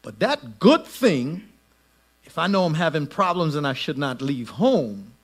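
High, lively preaching man. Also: measured pace. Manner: lively preaching, shouts and drops to soft asides. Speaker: pastor. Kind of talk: sermon.

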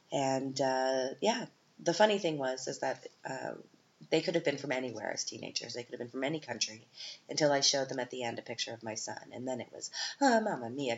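A woman hosting her own podcast, talking candidly in a casual monologue with many fillers and self-corrections. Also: rumbling low. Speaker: podcast host and mother. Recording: slightly muffled with faint hiss.

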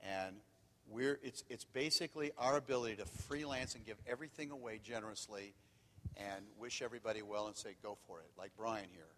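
A man preaching, telling candid stories that swing from loud and animated to quiet and hushed. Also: fairly low pitch, brisk, slight background noise. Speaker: pastor. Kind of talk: sermon. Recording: long hall reverb.

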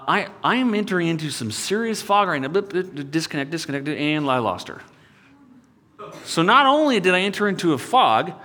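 A male pastor delivers a sermon in a lively, storytelling way. His pitch moves widely and his volume swings from loud appeals to quiet asides. The room gives his voice a long, ringing reverb.

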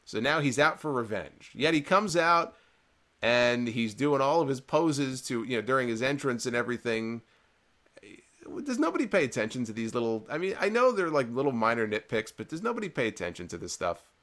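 A man's voice: medium pitch, a bit bright. A man hosting a live-streamed wrestling recap, talking in an opinionated, sarcastic and rambling way. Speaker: wrestling show host.

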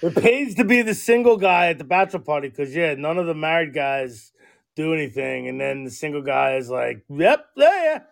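High, gravelly man teasing his co-host. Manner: teasing, quick to react. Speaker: podcast co-host. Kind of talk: casual podcast chat.

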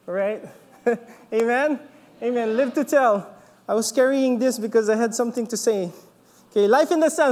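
A man leading a church service, preaching in a relaxed, joking way and often checking in with the congregation. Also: very high voice, long reverb tail. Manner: chatty, laughs often, checks in with "okay?". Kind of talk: casual sermon with jokes. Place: church hall.

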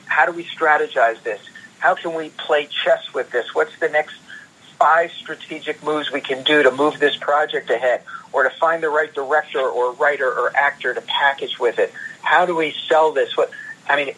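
A man, a guest comics producer, telling animated stories in an interview and repeating words as he goes. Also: mid-range voice, husky, rough recording. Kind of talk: anecdotal interview storytelling.

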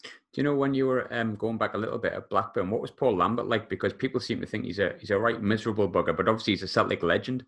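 A man's voice: lowish voice, fast talker, a bit bright. A man interviewing a guest in chatty, casual questions.

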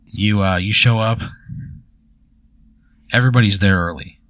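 A man's voice: on the low side, a little slow, fairly bright tone, no room sound. A man narrating an improvised tabletop story as game master, in a casual, hesitant way. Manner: casual, hesitant, full of fillers.

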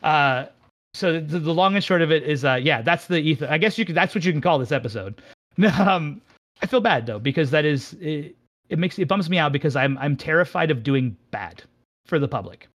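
A man who owns a game shop, telling a candid story in casual chat, animated and self-mocking, rambling with restarts. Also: on the high side, moderate pace. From Pittsburgh area, United States. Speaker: game shop owner, podcast guest.

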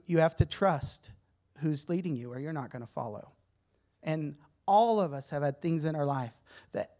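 In a slightly high, a little mellow voice, this man delivers an honest, conversational testimony to a church in the manner of a sermon. He is emotional at times and often begins his sentences again.

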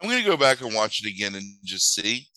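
This man is sick with a cold, and he talks through a film plot in loose, profane podcast chat, stopping often to fix his own story. His voice sits low but sounds bright and crisp. The mic is close and dry. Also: very animated, fast, no room sound, poor audio. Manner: rambling, crude, self-correcting retelling. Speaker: podcast co-host recapping a film.

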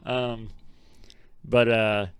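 A man's voice: mid-range voice, little pitch movement, drawn-out words, smooth, dry recording. A young man from Ohio co-hosting a casual sports podcast, laid-back and swearing often. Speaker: podcast co-host.

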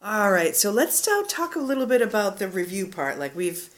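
A woman's voice: mid-range voice, very animated, moderate pace. A woman co-hosting a casual podcast book review, frank and profane, a little tipsy from drinking. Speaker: podcast co-host.

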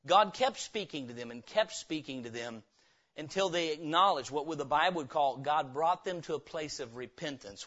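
A man's voice: fairly high pitch, fairly bright tone, muffled recording. A man preaching an emphatic youth revival sermon, acting out the voices he quotes.

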